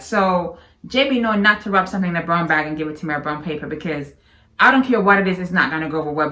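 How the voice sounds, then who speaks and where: Bright-voiced woman, playful chat. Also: fairly low pitch, roomy sound. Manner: playful, teasing, laughs often. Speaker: co-host. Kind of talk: casual chat with her husband.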